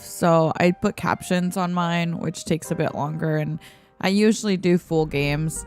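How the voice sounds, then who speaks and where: A tired woman streamer talks slowly through a hoarse, half-asleep morning voice. She chats loosely and giggles between game moments while she answers her viewers. Soft music plays faintly behind her. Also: low voice. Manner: chatty and giggly, reading chat aloud. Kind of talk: casual gameplay livestream chat. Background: faint background music.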